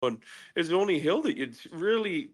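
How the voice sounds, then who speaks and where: A man from British Columbia sits in as a podcast guest and spins a story in loose, cussing chat. His telling is animated: he mimics sounds and acts out what people said. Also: a little high, fairly quick. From British Columbia, Canada. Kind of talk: casual storytelling.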